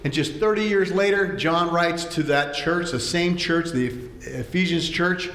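Preacher with a slightly high voice, echoey hall. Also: male voice, a little slow, few pauses, a little hiss or hum. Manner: animated storytelling, acts out voices, repeats words. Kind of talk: sermon.

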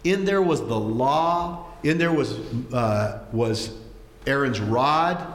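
A man with a medium-pitched, lively voice preaches a sermon slowly in an echoey hall. He tells stories with animation, acts out voices, and often repeats words as he goes.

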